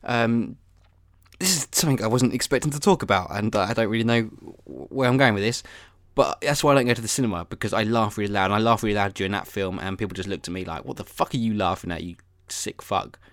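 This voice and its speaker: A man's voice: lowish voice, fast, fairly bright tone, dry recording, studio quality. A man hosting a solo podcast, rambling off-topic in a self-deprecating way with casual swearing. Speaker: podcast host.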